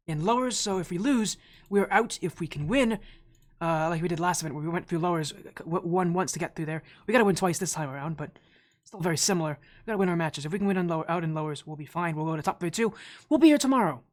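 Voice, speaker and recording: A man's voice: high voice, quick pace. A man streaming as an esports caster, chatting casually with viewers, slightly out of breath, rambling with restarts. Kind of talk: casual live-stream chat.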